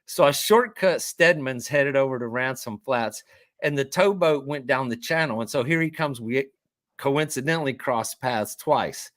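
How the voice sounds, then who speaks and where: Middle-aged fishing guide, animated yarn-spinner, dry close sound. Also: male voice, medium pitch, normal speed, dry recording. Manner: animated storyteller who acts out quoted dialogue. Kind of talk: casual storytelling.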